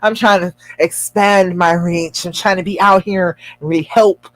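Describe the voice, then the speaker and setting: A woman relationship coach talking casually to viewers on a livestream, telling a story in an animated, encouraging way. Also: on the low side, normal speed, no room sound. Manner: chatty storytelling, animated and expressive; encouraging, addresses viewers directly.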